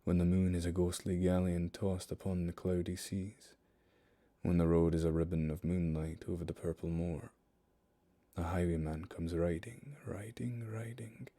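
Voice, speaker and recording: A young man reading a narrative poem aloud on a livestream, slow and hushed, drawing out the dramatic lines. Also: low voice, little pitch movement.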